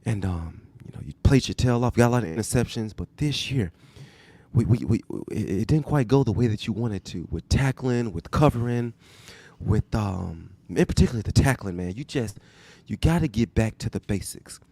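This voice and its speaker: An earnest older football head coach reassures his players in a measured, fatherly way, as a man impersonates him, his voice sitting low and dry. The delivery is sincere rather than showy. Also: expressive, vocal fry, warm tone, dry recording. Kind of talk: impression in a podcast bit.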